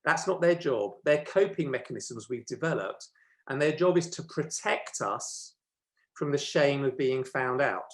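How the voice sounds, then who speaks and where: A man's voice: mid-range voice, lively intonation, measured pace. A man giving a conversational workshop talk, often correcting himself and checking in with his listeners. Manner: chatty, checks in with listeners with "okay?"; self-correcting, with frequent ums. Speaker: workshop presenter.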